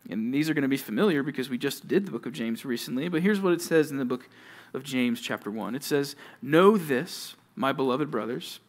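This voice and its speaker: A male youth pastor preaching to junior high students, telling stories with animation and talking straight to his listeners. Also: fast talker, few pauses. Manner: animated storytelling, addresses listeners directly.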